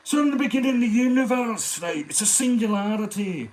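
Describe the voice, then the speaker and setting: Man impersonating a drunk Glaswegian guy, Glaswegian accent, raised high voice, loud and sweary. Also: lively intonation, fairly quick, slight background noise, poor audio. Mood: boisterous.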